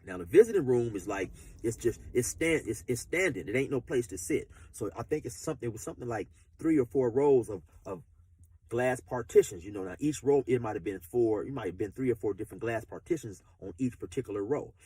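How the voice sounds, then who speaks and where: Husky man telling a rambling story. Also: mid-range voice, expressive, fairly quick, mellow, no room sound. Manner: rambling, repeats fillers like "you know, like I say". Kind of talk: casual storytelling.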